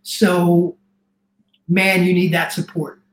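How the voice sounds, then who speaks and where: An earnest middle-aged man speaking as a guest coach in casual interview talk. He gets emotional and rushes into restarts as he tells his story. The sound is roomy, with a noticeable echo. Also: high-pitched, completely flat delivery.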